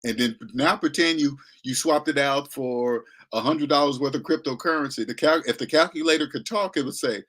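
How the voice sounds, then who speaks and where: Talking a little fast in a mid-range, slightly bright voice, this man lectures bluntly about money in slangy, casual monologue. As a finance commentator, he imitates voices mockingly.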